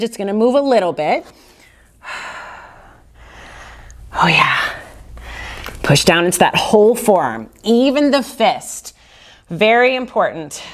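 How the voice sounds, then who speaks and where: A woman's voice: mid-range voice, fairly bright tone. A woman leading a Pilates reformer workout, calling breaths and counts in an encouraging way, sometimes out of breath. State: out of breath at times. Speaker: Pilates instructor. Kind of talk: guided workout instruction.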